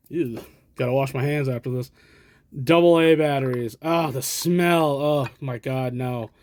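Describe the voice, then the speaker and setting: An American man with a medium-pitched, unhurried and slightly mellow voice chats casually while showing off his vintage gear at a camera stand indoors. He rambles in show-and-tell fashion, dropping chatty, self-deprecating asides. The recording is dry, with clean studio sound.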